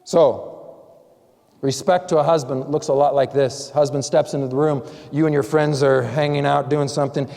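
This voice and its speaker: Pastor preaching in a reverberant church. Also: male voice, a little high, fairly even intonation, moderate pace, vocal fry, dark tone. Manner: conversational preaching with acted-out quotes. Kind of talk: sermon. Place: church sanctuary. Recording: long church hall reverb.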